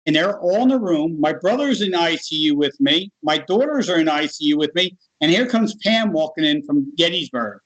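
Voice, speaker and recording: An American man in middle age tells his story casually and with feeling. His voice sits a touch high, and he laughs as he goes. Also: moderate pace, few pauses, highs cut off. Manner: animated, laughs while telling. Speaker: guest.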